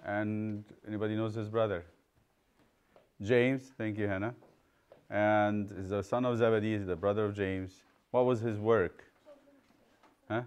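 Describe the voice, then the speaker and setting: A man's voice: on the low side, steady tone, a little slow, long pauses, a little mellow, smooth. A man teaching a children's Bible study, quizzing the class and retelling stories with acted-out voices.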